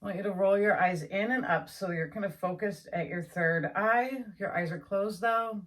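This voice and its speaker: A woman life coach leading a guided imagery meditation, soothing and encouraging, bursting into excited affirmations. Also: mid-range voice, normal speed.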